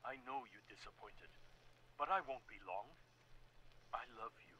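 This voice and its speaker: A man voicing a protective middle-aged father in a video game, speaking softly and reassuringly to his daughter. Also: medium pitch, a little hiss or hum, lightly acted, rough recording. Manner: soft, reassuring, measured. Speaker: game character.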